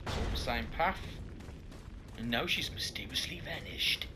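Sweary gamer on a headset. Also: male voice, mid-range voice, normal speed, noisy background. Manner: sweary, sarcastic, rambling. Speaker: let's play host. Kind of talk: casual gameplay commentary.

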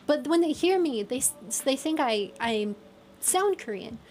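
A woman's voice: high-pitched, expressive, a little slow, darkish tone, slight background noise. A young woman streamer chatting casually and giggling, trying out British phrases. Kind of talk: casual chat. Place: lives in England.

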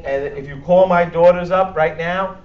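A man's voice: sits high, fairly even intonation, normal speed. Bronx-accented man in an echoey hall. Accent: Bronx New York. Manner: blunt, joking, emphatic. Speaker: doctor leading a church health workshop. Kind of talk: lively workshop talk to a church audience. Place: church hall, speaking to a live audience. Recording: echoey hall, distant and dull.

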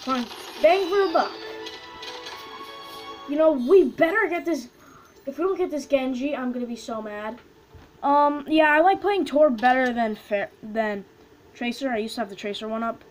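A woman casually commenting as she opens loot boxes in a video game, excitable and quick to chant names and squeal over items. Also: sits high, low-quality recording. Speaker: gaming video host.

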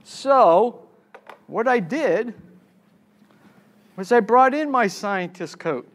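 A man with a notably high voice delivers a live conference keynote. He keeps firing questions at the audience and repeats his key words for emphasis. His stammered restarts keep it sounding unscripted. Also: lively intonation, extremely slow.

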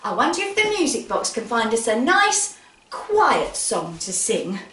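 A woman leads a toddler music session, singing rhymes and telling a story straight to the children in a coaxing, sing-song way while a guitar plays. Her fairly high, fairly bright voice is very animated at a measured pace. She's recorded from a distance in an echoey room, away from the mic.

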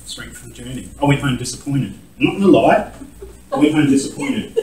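A man's voice: medium pitch, animated, brisk, a little mellow, slight background noise. Man, guest preacher, emotional testimony, distant mic in reverberant church hall. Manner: emotional, laughing at himself, acts out quoted voices. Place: church sanctuary. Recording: echoey church hall from far off.

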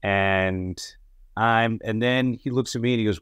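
A man co-hosting a podcast, telling his acting-set stories in an animated way and swearing casually. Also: medium pitch, moderate pace, clean tone, no room sound, studio quality. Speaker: podcast co-host and actor. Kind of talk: casual storytelling chat.

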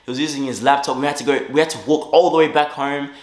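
A young man telling a casual story-time tale in an animated way, swinging between loud bursts and low asides. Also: fast talker. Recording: roomy echo.

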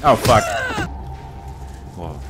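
A man's voice: lowish voice, very animated, drawn-out words, very noisy. A young man giving live gameplay commentary as a streamer, jumpy and swearing, with sudden yelps and squeals. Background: game music.

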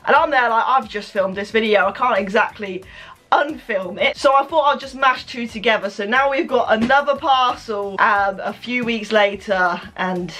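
A young woman filming an unboxing vlog, excitable and gushing, breaking into squeals and laughter. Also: fairly high pitch, normal speed, faint music behind. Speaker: YouTuber.

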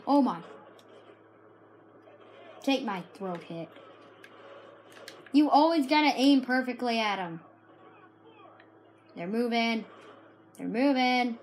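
A woman giving frantic, excited commentary while playing a shooter game, often shouting and yelping. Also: a little high, slow pace, long pauses, a little hiss or hum. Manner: frantic, shouts and yelps at the action. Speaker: gaming video creator.

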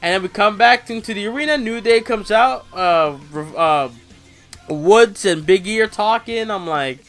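A man's voice: high voice, expressive, normal speed, fairly bright tone, faint music behind. A young man casually recapping a wrestling show in slangy, rambling talk full of fillers.

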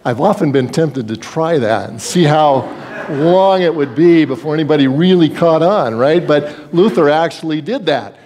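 A man's voice: fairly high pitch, moderate pace, a little mellow. A man preaching a sermon as pastor, in a conversational style, acting out quoted voices and sometimes repeating words.

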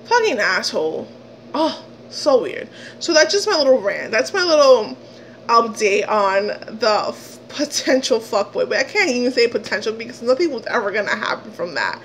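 A woman's voice: sing-song, moderate pace, a bit bright, poor audio. Indignant young woman ranting a story. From Dominican. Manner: indignant, swearing, quoting others in lowered voice. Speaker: vlogger. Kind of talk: storytime rant.

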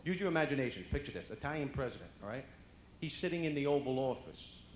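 A man's voice: medium pitch, expressive, quick pace. A man with a Brooklyn accent doing live stand-up comedy, brash and chatty, talking straight to the audience. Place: banquet hall at a dinner event. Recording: echoey banquet hall with faint room noise.

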